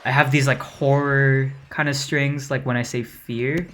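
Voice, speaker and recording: A woman's voice: extremely low pitch, flat delivery, measured pace, a bit bright, slight background noise. A woman casually talking a livestream through her own song mix, rambling with lots of fillers and the odd swear. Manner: loose, rambling and profane, full of "like" and "um".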